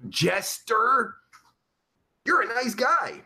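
A man's voice: extremely high pitch, lively intonation, extremely slow, creaky, bright, forceful tone, full character voice. A man playing a crude, vulgar livestream host who rambles profanely while reading out chat. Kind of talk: live chat comedy stream.

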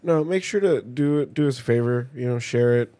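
A man's voice: medium pitch, brisk, mellow, dry recording. A young man co-hosting a podcast, ranting and swearing constantly in casual banter. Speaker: podcast co-host.

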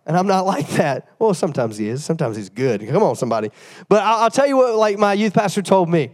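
A young man preaching a sermon, telling a story with lively call-outs to the congregation, tired after the flu. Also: sits high, quick pace. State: tired, getting over the flu. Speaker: pastor.

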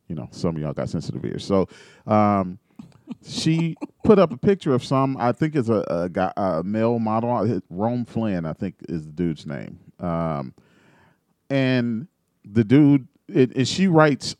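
A man's voice: on the low side, warm tone, no room sound. A man co-hosting a casual chat show, reading posts aloud with joking asides. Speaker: podcast co-host.

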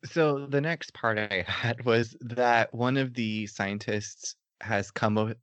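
A man's voice: medium pitch, slow pace, fairly bright tone, no echo. A man co-hosting a podcast over a remote call, chatting casually and joking about a documentary, laughing often. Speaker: podcast co-host. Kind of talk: casual chat reviewing a documentary.

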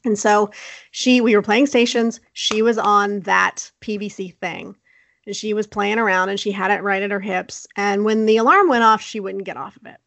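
Gravelly young woman telling a story. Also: medium pitch, normal speed, dry recording. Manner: animated, laughing often, acts out quotes. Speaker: podcast co-host. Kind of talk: casual storytelling chat.

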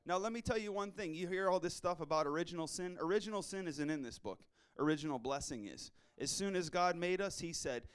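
A middle-aged man preaching a sermon to a congregation in a church, in a casual, slangy and energetic way. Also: a little high, brisk, few pauses, smooth. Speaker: pastor.

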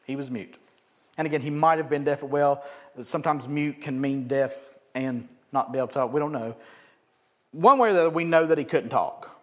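A man preaching a sermon, animated, swinging from loud emphatic bursts to quiet joking asides. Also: mid-range voice, moderate pace. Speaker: pastor.

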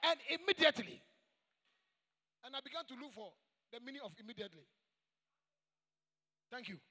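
A man preaching a sermon to a church congregation, emphatic and call-and-response, with shouted high points. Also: lively intonation, normal speed. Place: large church hall. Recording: long echoing church reverb.

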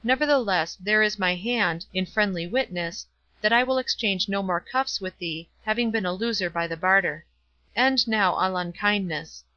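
A loud, blustering friar, burly and quick to quarrel, as a woman reads him aloud in an audiobook. The voice is bright and sharp, the sound dry and a little dull. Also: mid-range voice, dry recording, close to an everyday voice. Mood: grudging.

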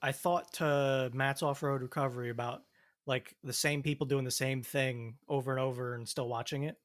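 A man's voice: mid-range voice, fairly even intonation, normal speed. A man in casual chat, recounting events in a laid-back, step-by-step way.

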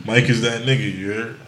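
A podcast host with a medium-pitched voice tells rowdy stories in casual conversation, loud and animated, acting out quotes and laughing a lot. The sound is roomy.

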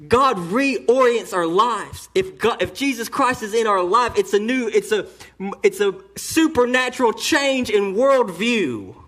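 A pastor preaching a sermon in church, emphatic and swinging between hushed and loud phrases, often restarting a line as he builds his point. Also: extremely high pitch.

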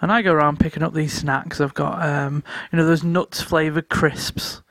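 A man co-hosting a podcast, telling animated travel stories in casual chat and laughing often. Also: fairly high pitch, moderate pace, no echo, studio quality. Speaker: podcast co-host.

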